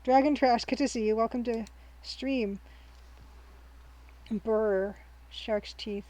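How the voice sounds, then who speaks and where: A woman with a somewhat high voice talks her way through a game on stream. Her commentary is casual and rambling, full of ums and restarts as she thinks aloud. She sounds cheerful and laughs easily. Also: fairly even intonation, slow pace, mellow, rough recording. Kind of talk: casual let's-play commentary.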